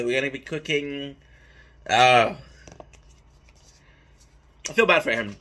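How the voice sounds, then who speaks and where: Bright-voiced, profane young vlogger man. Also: medium pitch, slow, long pauses. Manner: loose and profane, hyped asides. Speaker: mukbang vlogger. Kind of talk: casual vlog chatter while cooking.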